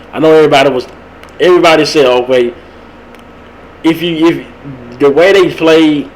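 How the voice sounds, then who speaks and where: A young man, hosting a podcast and rambling about a local high school football game. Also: slight background noise, poor audio. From Texas. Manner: rambling, animated, laughs at his own stories. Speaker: podcast host. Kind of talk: casual sports talk.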